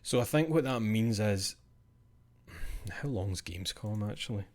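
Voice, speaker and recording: A man's voice: lowish voice, expressive, measured pace, a little mellow, a little hiss or hum. A male streamer chatting casually after a live show, rambling, sweary and self-mocking.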